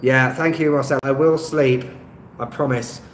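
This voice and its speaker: A man from West London with a West London accent, hosting a live stream and reading out viewer comments in a relaxed way with lots of ums. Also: medium pitch, normal speed. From West London, England. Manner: relaxed, many ums, chuckles at himself. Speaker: YouTube travel channel host. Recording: echoey room, faint traffic noise.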